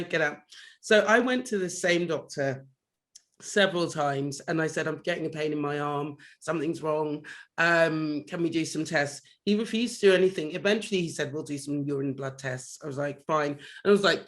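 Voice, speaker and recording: A young man from London chats on a podcast in a fairly high voice. He tells his stories with energy and drops the odd swear word when he gets heated. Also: a little fast. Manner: animated storytelling, swears when recounting anger. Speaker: podcast co-host. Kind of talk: casual chat.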